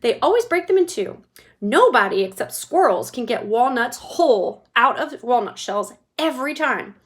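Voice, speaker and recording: A woman doing an excitable eccentric candy maker. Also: on the high side. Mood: explaining. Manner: brisk, theatrical, impatient.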